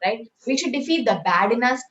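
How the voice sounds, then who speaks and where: A woman's voice: fairly high pitch, expressive, brisk, fairly bright tone, lo-fi sound. A woman from India, teaching a scripture class in a conversational way and often checking with "right?".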